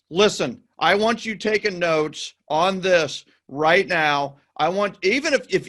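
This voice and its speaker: A man's voice: high-pitched, a bit bright. A man hosting a podcast, asking questions with enthusiasm, often repeating words and urging his listeners on. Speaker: podcast host. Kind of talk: conversational interview.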